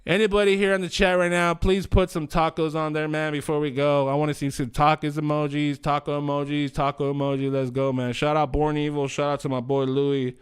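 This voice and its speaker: A man's voice: a little high, little pitch movement, fairly quick, few pauses, smooth. A man hosting a livestream, chatting casually slang, swearing and rambling. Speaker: livestream host.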